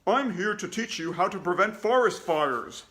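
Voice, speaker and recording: A man voicing a bossy firefighter woman dressed as a talking bear, loud and commanding in a read-aloud storybook. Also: sits high, expressive, moderate pace. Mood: insistent.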